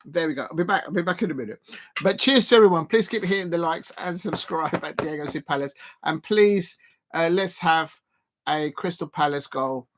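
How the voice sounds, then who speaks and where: A man's voice: on the high side, moderate pace. Rambling man hosting a football watch-along. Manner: rambling, hesitant, full of fillers.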